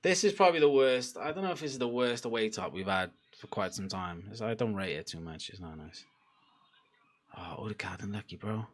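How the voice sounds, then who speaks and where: A young man chatting casually during a live football watchalong, laughing and bursting out loudly at chances. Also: lowish voice, brisk. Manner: excitable, laughing, loud outbursts at chances. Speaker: football fan streamer.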